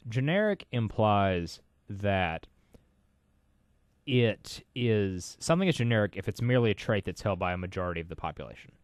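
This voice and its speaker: A man's voice: fairly low pitch, animated, normal speed, no room sound, studio quality. A young man co-hosting a college radio show, wry and playfully formal while debating philosophy. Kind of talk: casual philosophical discussion.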